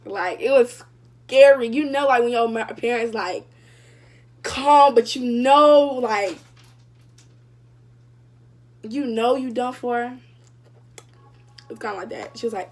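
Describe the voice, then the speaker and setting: A woman's voice: fairly high pitch, a little slow, long pauses. A young woman vlogger casually telling a story to her viewers, chatty and full of fillers. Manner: chatty, addresses viewers directly, many fillers.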